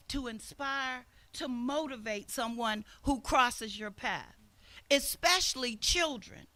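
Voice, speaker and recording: An older woman preaches a sermon at an outdoor service, telling a personal story in an earnest way. Her voice is bright and sits fairly high, and she acts out the people she quotes. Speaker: minister.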